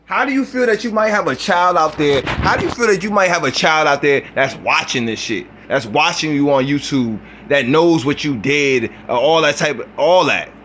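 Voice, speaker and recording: A man's voice: fairly high pitch, animated, normal speed, hardly any pauses, a bit bright, a little hiss or hum. Heated man ranting on a reaction video. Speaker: YouTuber.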